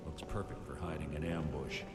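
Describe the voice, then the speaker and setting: An actor playing a terse male adventuring companion who gives low, calm warnings. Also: a little fast, over loud music. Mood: wary. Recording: roomy echoing game audio.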